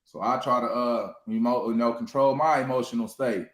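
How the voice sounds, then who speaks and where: A man's voice: medium pitch, moderate pace. A man in casual conversation, talking emphatically and often asking "you hear me?". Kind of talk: casual chat. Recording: echoey room.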